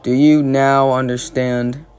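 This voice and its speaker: A man voicing a towering male alien warlord who talks in a slow, measured, lecturing way. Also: medium pitch, flat delivery, a little mellow, clean tone, natural voice.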